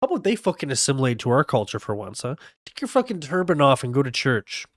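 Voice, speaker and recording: A man's voice: medium pitch, very animated, quick pace, a little hiss or hum. A man hosting a livestream, giving blunt, profane political commentary over a clip. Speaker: livestream host.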